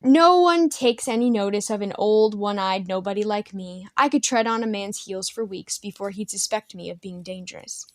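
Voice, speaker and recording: A good-natured, cackling one-eyed old man from a storybook speaks with gentle warmth, as a woman reads him aloud. His voice sits at a middle pitch. The recording is dry and close, with no room around it. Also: normal speed, few pauses, no room sound, lightly acted. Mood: kindly.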